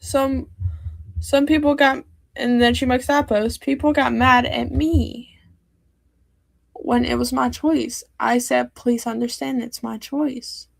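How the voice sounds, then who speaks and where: A woman's voice: high-pitched, steady tone, slow, vocal fry, dry recording. Hurt teen girl venting on stream. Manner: hurt, rambling, many fillers and restarts. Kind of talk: upset personal livestream talk.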